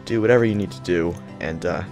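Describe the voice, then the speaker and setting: A young man giving excitable gameplay commentary, yelling in panic and triumph. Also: deep voice, fast talker, over music. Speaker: gaming channel host.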